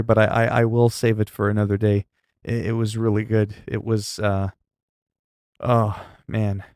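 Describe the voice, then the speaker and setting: A man's voice: on the low side, no room sound. A man livestreaming, chatting casually with his viewers and telling a story, often laughing and stumbling over his words. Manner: laughing, storytelling, halting restarts.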